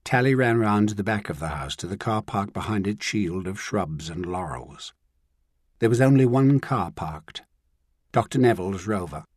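A man narrates a novel in a measured, even way. His voice sits low and a little husky. It is recorded close and dry. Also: no room sound. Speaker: audiobook narrator. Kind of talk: scripted audiobook narration.

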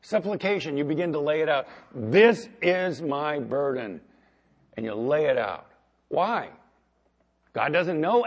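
A man preaching as pastor, talking conversationally and swinging between loud emphasis and quiet asides. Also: on the high side, husky, lo-fi sound. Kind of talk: sermon.

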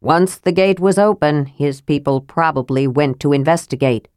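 A woman voicing a calm, level-headed male leader who speaks offhandedly. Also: low-pitched, normal speed, clean tone, dry recording, studio quality, close to an everyday voice.

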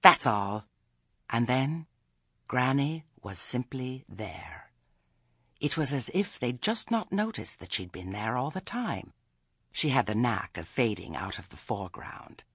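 A man narrating an audiobook in a measured, expressive storytelling manner. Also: mid-range voice, husky, no echo, studio quality. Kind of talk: scripted narration.

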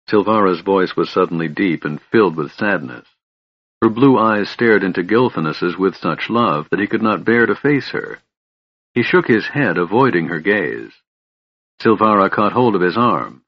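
A man narrating an audiobook in a measured, even storytelling manner. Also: deep voice, breathy edge, no room sound. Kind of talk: scripted narration. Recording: muffled lo-fi recording.

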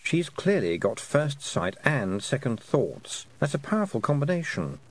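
A man's voice: medium pitch, sing-song, unhurried, pitched above the performer's own voice. A man doing a sarcastic talking toad. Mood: wry. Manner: sarcastic, dry. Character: sarcastic talking male toad, dry and know-it-all. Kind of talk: audiobook character voice.

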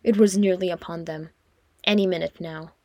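A woman reading fiction aloud as an audiobook narrator, in an expressive storytelling manner. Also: lowish voice, moderate pace, no echo, muffled recording. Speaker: audiobook reader.

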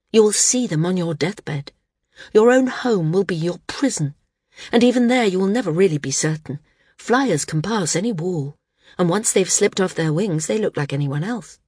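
A woman voicing a defiant female flyer who delivers calm, menacing warnings. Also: medium pitch, breathy edge, no echo, studio quality. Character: defiant young woman flyer issuing threats.

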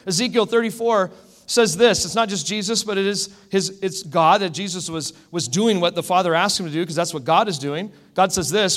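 A man preaching a sermon as a pastor, telling stories in an animated way that swings between loud and hushed. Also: high-pitched, fairly quick. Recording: echoey hall.

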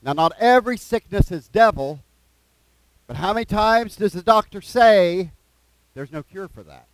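A man preaching a sermon in a folksy way, reading scripture slowly with plain asides and repeated phrases. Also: sits high, lively intonation, no room sound, low-quality recording.

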